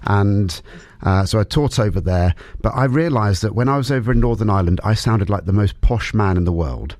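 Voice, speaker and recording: A man's voice: fairly low pitch, brisk, no room sound. A man hosting a radio show, interviewing a guest with enthusiastic, chatty energy. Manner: lively, enthusiastic, laughs easily. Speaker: radio presenter.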